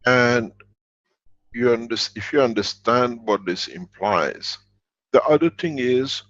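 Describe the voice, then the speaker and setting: A man answering questions in a live online workshop, blunt and joking, in halting English. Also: medium pitch, fairly bright tone. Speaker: workshop speaker. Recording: dull lo-fi video call audio.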